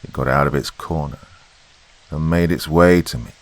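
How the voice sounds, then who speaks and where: A man reading a horror story as a podcast narrator in a slow, brooding way. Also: rumbling low, no room sound.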